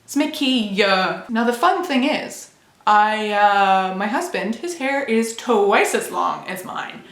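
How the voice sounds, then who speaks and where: A woman's voice: medium pitch, animated, slow pace, a bit bright. A young woman vlogging casually to camera at home, candid and chatty, with playful sound effects. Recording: echoey room.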